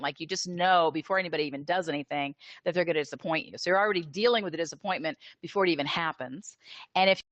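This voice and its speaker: A woman being interviewed as a therapist, explaining in an animated, conversational way with filler words, over a video call. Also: lowish voice, dry recording. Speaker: interview guest, attachment therapist.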